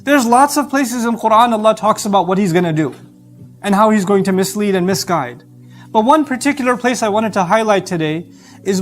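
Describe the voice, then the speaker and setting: A man giving an animated sermon, emphatic and acting out bits of dialogue. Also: high voice, moderate pace. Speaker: preacher. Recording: faint background music.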